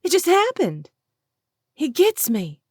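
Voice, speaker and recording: A squeaky, high young wife voiced by a woman, pleading and breathless as she begs. She talks loud and pressing in this audiobook scene, over a dry, close sound. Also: huge pitch swings, slow, dry recording, full character voice. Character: frantic pleading young wife caught cheating. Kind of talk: audiobook character voice.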